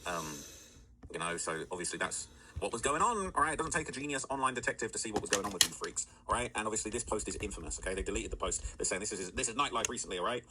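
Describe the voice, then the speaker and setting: Rapid-fire low-voiced male commentator. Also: expressive, noisy background. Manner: rapid rambling with many fillers. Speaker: commentary host. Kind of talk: casual commentary.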